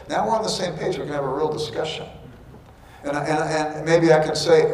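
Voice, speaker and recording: A man's voice: fairly high pitch, fast, darkish tone, slight background noise. A middle-aged man giving a lecture with earnest explanation and wry asides. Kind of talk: lecture with anecdotes. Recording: echoey hall, speaker far from mic.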